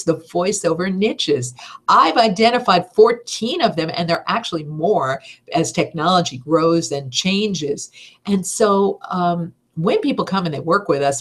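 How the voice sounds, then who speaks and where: A middle-aged woman leads a voice-over seminar with lots of energy. Her voice sits a little low, and she presses her points with upbeat emphasis. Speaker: voice-over teacher. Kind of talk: seminar talk.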